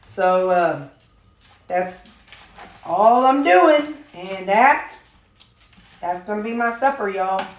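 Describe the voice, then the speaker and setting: A rambling, talkative woman, chatting at a middle pitch while she fixes her supper. The sound is roomy, with her voice bouncing around a home kitchen. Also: lively intonation, takes it slowly, long pauses. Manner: rambling, chatty storytelling with many fillers. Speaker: vlogger showing her meals. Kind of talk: casual chat while preparing supper.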